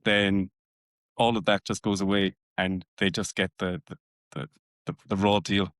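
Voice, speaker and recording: His voice is low, level and a bit bright, and he speaks without hurry, captured in clean studio audio with no room sound. A Cork Irish accent marks this podcast co-host from Cork, who chats casually and thoughtfully, often restarting what he says.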